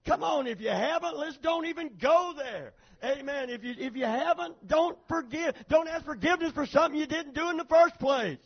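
A man's voice: very high-pitched, moderate pace, hardly any pauses. A male pastor preaching a sermon, emphatic, calling out for amens from the congregation, on a dull lo-fi recording.

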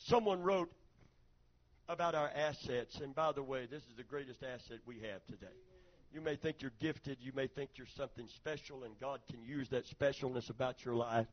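A man's voice: medium pitch, normal speed, muffled recording. A man preaching a sermon as pastor, calling on the congregation to respond and reading a story aloud with dramatic rises.

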